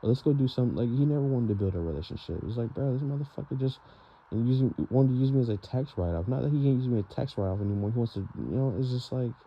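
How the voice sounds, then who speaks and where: Gravelly young man venting, rambling. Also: medium pitch, quick pace. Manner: rambling and frustrated, heavy on fillers and "bro". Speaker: vlogger. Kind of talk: venting monologue. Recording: dull lo-fi sound with faint noise.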